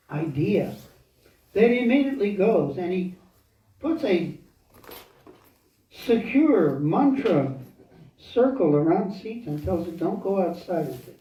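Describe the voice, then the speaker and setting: A man giving a devotional lecture as a story, speaking slowly with pauses and chuckles as he searches for words. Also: a little high. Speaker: temple speaker. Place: temple hall. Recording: echoey, dull, from far off.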